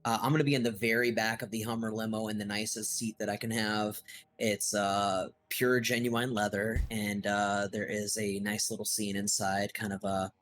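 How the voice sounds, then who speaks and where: A man playing a tabletop game, talking in a relaxed way with many fillers. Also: on the low side, moderate pace, a little hiss or hum. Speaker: player. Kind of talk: tabletop role-play.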